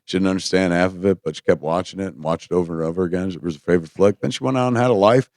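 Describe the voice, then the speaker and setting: A middle-aged man, a filmmaker guest in a radio studio, telling anecdotes in a casual, animated way and acting out the voices of the people in his stories. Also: low voice, very fast, no echo. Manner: animated anecdote-teller, acts out quoted voices. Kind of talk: casual storytelling interview.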